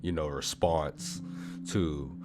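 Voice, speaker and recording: A man with a very deep voice gives reaction commentary, breaking down clips and mocking what was said. Guitar music plays clearly behind him. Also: fairly even intonation, slow. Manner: breaks down clips, mocks quotes. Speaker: commentary youtuber. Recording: loud background music.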